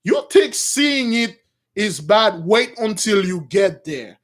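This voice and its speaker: A man voicing a giant male underworld god who taunts slowly in a low, cold voice. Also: sing-song, heavily acted. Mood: taunting.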